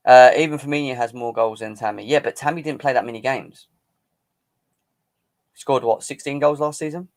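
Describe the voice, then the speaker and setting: Man, live-stream host, boisterous banter, teasing, average pitch. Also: normal speed, pauses often. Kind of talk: casual live-stream football chat.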